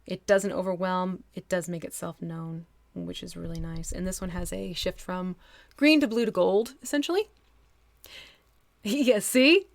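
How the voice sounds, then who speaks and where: On a live stream, a northwestern New Jersey woman with a local accent talks her way through painting miniatures, laughing easily and thinking aloud as she goes. Her pitch is fairly low, with vocal fry, at a normal speed and no echo. She's chatty and casual throughout.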